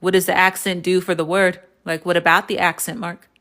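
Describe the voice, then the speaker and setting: American woman, Spanish teacher, lower voice, casual and encouraging on a live class. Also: flat delivery, a little fast, fairly bright tone. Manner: casual, encouraging, quizzing viewers in chat. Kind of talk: live online lesson.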